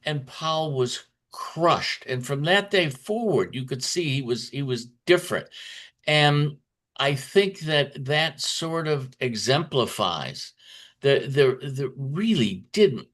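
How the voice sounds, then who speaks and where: A man's voice: mid-range voice, expressive, takes it slowly, a bit bright. A man giving a conference talk on markets, telling stories in a chatty way with frequent fillers and restarts. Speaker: market commentator.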